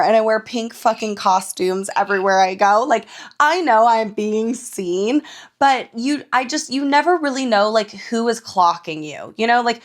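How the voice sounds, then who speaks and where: Young woman host rambling thru a story, lots of swearing and laughs, kinda high voice. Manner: animated storytelling, swears freely, laughs often. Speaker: podcast host. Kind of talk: casual solo podcast chat.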